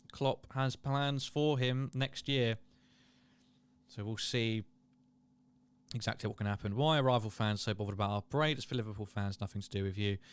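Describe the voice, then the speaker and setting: A man's voice: mid-range voice, smooth, no echo. A man hosting a casual live watchalong, chatting and reading viewer comments aloud. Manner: chatty, reads chat aloud, laughs and exclaims. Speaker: livestream host.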